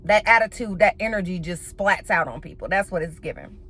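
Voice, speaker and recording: A woman's voice: lowish voice, a little fast, breathy edge. A woman giving a casual, blunt and profane recap of a reality TV episode, full of sassy slang. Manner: animated, with playful slang.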